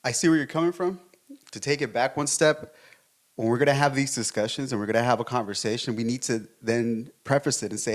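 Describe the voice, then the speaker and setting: A man co-hosting a podcast, calmly laying out his reasoning step by step during a debate. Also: medium pitch. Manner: measured, explaining, reasoning step by step. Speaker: podcast co-host.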